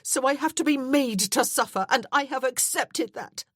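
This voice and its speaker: A woman's voice: high voice, moderate pace, fairly bright tone, no echo, clean studio sound, voice pushed up. A woman voicing a guilt-ridden young widow, speaking with raised, breathless anguish.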